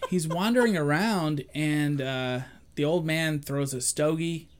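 A man casually retelling a film's plot in a relaxed chat, loose and rambling, with fillers and acted-out quotes. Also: a little high, measured pace. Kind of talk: casual movie recap chat.

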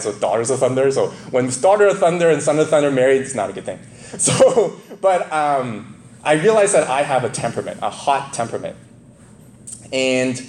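A man's voice: medium pitch, a little hiss or hum. A man preaching a casual, conversational sermon, chuckling often and asking his listeners "right?". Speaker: pastor. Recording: echoey room, faint ambience.

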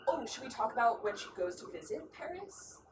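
A woman chats eagerly about a book, quick to agree and unbothered about swearing. Her voice sounds roomy and somewhat distant from the mic, with a faint hiss underneath. Her pitch stays in a typical middle range. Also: sing-song. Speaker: podcast co-host. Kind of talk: casual book discussion. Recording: echoey room, set back from the mic.

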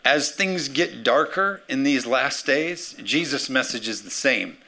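A man preaching a sermon as pastor, energetic, calling for amens and acting out the words of scripture figures. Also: mid-range voice, unhurried. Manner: energetic, calls for amens, acts out quotes.

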